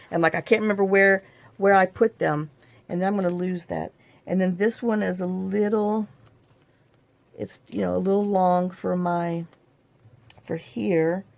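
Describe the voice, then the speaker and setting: Gravelly-voiced woman chatting while crafting. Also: lowish voice, darkish tone, no room sound. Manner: rambling, talks to herself while working. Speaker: crafting channel host. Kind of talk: casual crafting tutorial chat.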